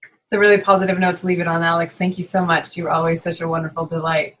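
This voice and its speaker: Brisk woman moderating a video call. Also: fairly low pitch, level tone, fairly bright tone, slight background noise, rough recording. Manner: brisk, handing off turns. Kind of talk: hosting a video call panel.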